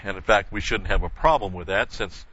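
A man's voice: low-pitched, brisk, bright, forceful tone, lo-fi sound. An older man teaching a verse-by-verse Bible study, explaining carefully with frequent restarts and emphatic repetition.

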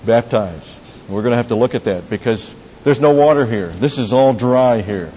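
A man's voice: mid-range voice, fairly quick, dark tone. Man preaching in an echoey hall. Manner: conversational preaching with asides and restarts. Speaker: pastor. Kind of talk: sermon. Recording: dull roomy hall recording with faint hiss.

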